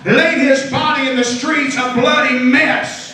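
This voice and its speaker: A pastor preaching with emphasis, often breaking into shouts and calling for responses from the congregation. His voice sits very high and sounds bright and forceful. The sound booms around a large church sanctuary, picked up from a distance. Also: steady tone, measured pace. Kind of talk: sermon. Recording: echoey hall, distant mic.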